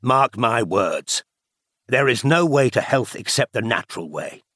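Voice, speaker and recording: A man's voice: mid-range voice, animated, measured pace, a bit bright, no echo, studio quality. A man reading the part of a severe older male spy chief who lectures emphatically. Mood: lecturing.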